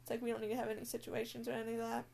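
A woman's voice: on the high side, monotone, rapid-fire, gravelly, a little mellow. A young woman telling a story in casual chat, blunt and full of swearing and fillers. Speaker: scare actor.

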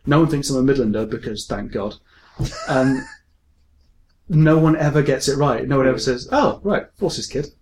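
A man's voice: medium pitch, moderate pace, long pauses, a little mellow, slight background noise. An English man with a mixed forces-kid accent hosting a casual podcast. He reads out listener mail, jokes, swears and laughs often. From England. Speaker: podcast host.

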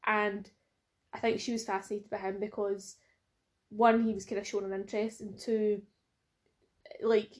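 A woman's voice: mid-range voice, level tone. A Scottish woman co-hosting a podcast, chatty and teasing in casual conversation. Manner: chatty, teasing, quick to laugh along. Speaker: podcast co-host. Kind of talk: casual chat.

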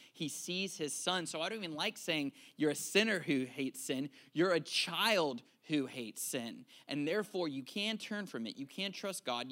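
A man in his thirties preaches to his congregation in a relaxed, chatty way. His voice sits a little high. He jokes and keeps checking in with the room. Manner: casual, joking, asks the congregation questions. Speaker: pastor. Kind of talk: conversational sermon. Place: church service.

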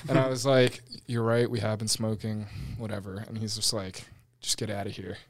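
A man's voice: fairly low pitch, little pitch movement, normal speed, no room sound. A man hosting a podcast, telling a story in casual chat and laughing along.

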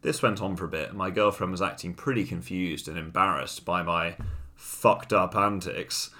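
A man co-hosting a podcast, telling a story in a deadpan, tongue-in-cheek way. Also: sits low, normal speed. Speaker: podcast co-host. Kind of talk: casual comic chat.

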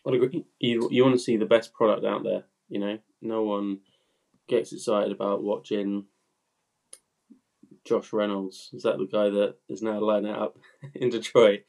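A man co-hosting a casual sports podcast, talking in a relaxed, rambling way. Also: lowish voice, moderate pace, vocal fry. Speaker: podcast co-host.

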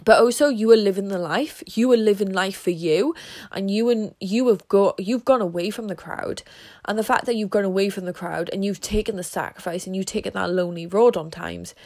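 A woman podcaster and consultant in casual motivational chat, bubbly and rambling, often dropping to a hushed whisper. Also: medium pitch, brisk.

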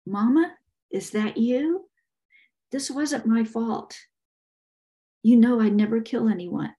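A woman's voice: fairly high pitch, takes it slowly, mellow, voice pushed up. A woman voicing a frightened, simple-minded male henchman who pleads in a tearful, quivering voice. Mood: pleading.

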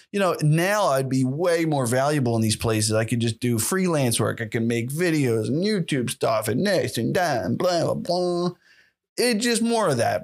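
A man hosting a solo podcast who rants in a rambling, profane and sarcastic way. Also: a little high. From United States. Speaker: podcast host. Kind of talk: casual solo rant.

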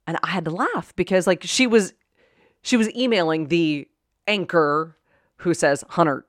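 A woman hosting a personal motivational talk, conversational, moving from quiet musing to loud, emphatic bursts. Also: on the low side, moderate pace, dry recording, clean studio sound. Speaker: podcast host.

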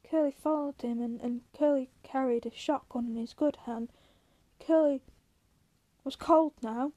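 A woman reads a novel aloud at an even, steady pace. Her voice sits high yet sounds soft and mellow. Small slips come up now and then, and she corrects them herself. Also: normal speed. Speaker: audiobook reader.

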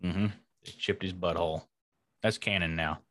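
A man's voice: sits low, fairly even intonation, normal speed, a bit bright, no echo, studio quality. A man co-hosting a casual podcast, bantering and laughing easily. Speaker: podcast co-host. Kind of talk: casual chat.

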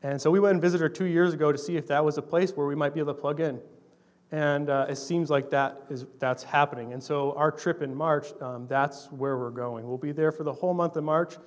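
Man, young adult, missionary talk, conversational, earnest, storytelling, slightly high pitch. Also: fairly even intonation, fairly quick. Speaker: missionary speaking to a church. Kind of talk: casual missionary talk to a congregation.

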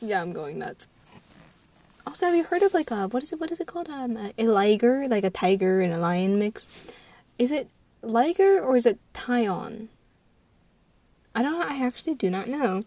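A woman's voice: on the high side, expressive, normal speed, pauses often, warm tone, no echo. A young American woman in her teens, rambling casually and scatterbrained, trailing off, restarting and giggling between thoughts. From United States. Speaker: vlogger.

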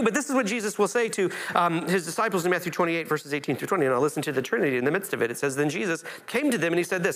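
A man's voice: on the high side, animated, very fast, few pauses, a bit bright. A male pastor preaching a conversational sermon, often restarting phrases and lifting his voice when he quotes Scripture.

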